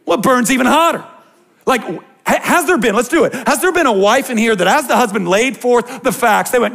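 A man in his thirties preaching to a youth group, swinging between quiet explanation and passionate ranting with jokes aimed at the crowd. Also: very high-pitched, animated, fairly quick, vocal fry. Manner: impassioned, ranting and joking with the crowd. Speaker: youth pastor. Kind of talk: sermon.

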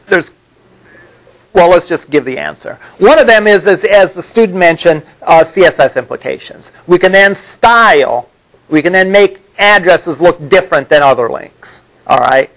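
Man, college instructor, high voice, classroom lecture, checks in often with students. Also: lively intonation, moderate pace, a bit bright, rough recording. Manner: explanatory, repeats "all right?" to check understanding.

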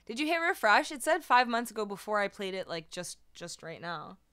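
A woman's voice: medium pitch, very animated, a little fast, bright, forceful tone, clean tone. A woman musician livestreaming, chatting casually and bubbly with her viewers, a little tired and her voice not at full strength. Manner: bubbly, laughing, talking to chat.

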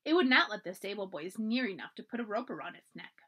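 Library lady reading a kids book out loud, super expressive, pitch all over the place. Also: fast. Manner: expressive, animated narration. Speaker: library storyteller. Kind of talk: storybook read-aloud.

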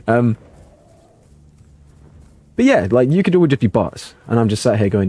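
A man's voice: medium pitch, a little slow, long pauses, breathy edge. A young man, streaming a game from his bedroom with self-mocking, playful commentary. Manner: animated, self-mocking, bursts into playful singing. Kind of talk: livestream gaming commentary.

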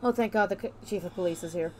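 A woman's voice: lowish voice, fast, mellow, slight background noise. A young woman giving joking, teasing commentary while playing a video game. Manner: sarcastic, teasing, playful. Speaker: gaming streamer. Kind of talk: joking let's-play commentary.

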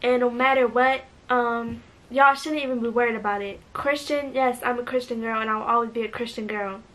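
A teenage girl talking hesitantly and earnestly in a home video, with many pauses and fillers. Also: fairly high pitch, fairly even intonation, fairly bright tone. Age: teens. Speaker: vlogger. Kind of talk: emotional apology video.

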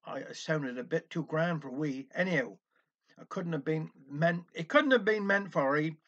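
A man voicing an easygoing older husband, speaking low and teasing gently. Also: animated, normal speed. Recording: dull lo-fi recording.

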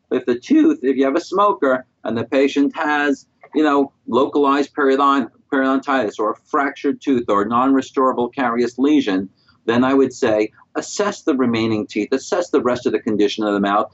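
Man, middle-aged, interview guest, calm, explanatory, measured, lo-fi audio. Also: mid-range voice. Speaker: guest periodontist. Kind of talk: interview answers.

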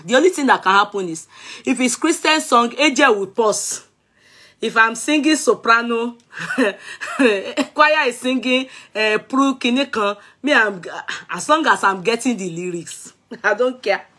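A woman's voice: fairly high pitch, measured pace, bright, forceful tone. A middle-aged Nigerian woman vlogging in casual chat, playful, laughing often and breaking into song. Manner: playful, sings snatches and mixes in Yoruba and Pidgin.

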